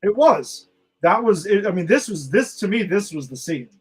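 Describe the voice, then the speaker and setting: A man co-hosting a podcast, excitedly reviewing a TV episode in casual chat, swearing freely and acting out quoted lines. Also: sits high, moderate pace, breathy edge. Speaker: podcast co-host.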